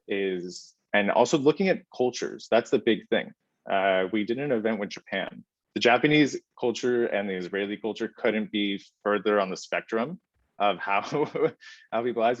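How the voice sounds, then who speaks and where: A low-pitched man speaking as a podcast guest, easygoing and conversational. He leans on fillers and uses deliberate pauses. The recording is dry and a bit dull. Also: dry recording. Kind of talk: conversational interview answers.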